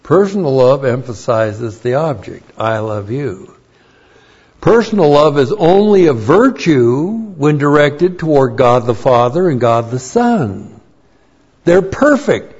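A man teaching a Bible lesson as a sermon, slow and deliberate, repeating key phrases for emphasis. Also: fairly high pitch, animated, a little mellow, slightly rough. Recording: dull lo-fi recording.

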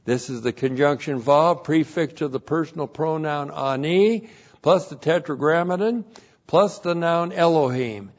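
Slow, emphatic male Bible teacher. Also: fairly high pitch, lo-fi sound. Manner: slow, emphatic, repeats key phrases. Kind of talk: verse-by-verse Bible exposition.

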